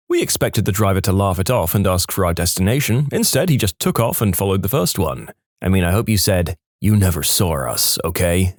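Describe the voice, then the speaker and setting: A man narrating online stories in an expressive, scripted storytelling manner. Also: sits low, dry recording, clean studio sound.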